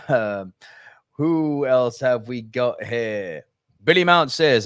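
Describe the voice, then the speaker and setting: A man's voice: mid-range voice, lively intonation, slow pace, fairly bright tone, clean tone, no echo, clean studio sound. A man co-hosting a podcast, reading out viewer comments and giving blunt opinions that include swearing. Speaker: podcast co-host reading live chat. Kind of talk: casual podcast chat.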